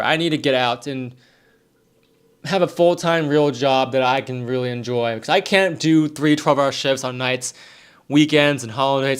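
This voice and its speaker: A man's voice: medium pitch, normal speed, clean tone. A young man, a nurse casually answering viewer questions on a live stream, rambling and repeating himself. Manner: rambling, repeats himself, reads chat aloud.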